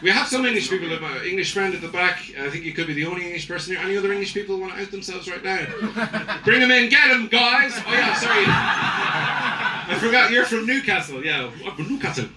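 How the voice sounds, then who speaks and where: A man's voice: high voice, animated, a little fast. An Irish man doing live stand-up comedy in a rambling, profane, self-mocking way on a comedy club stage. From Ireland. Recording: roomy live club audio from a distance with background noise.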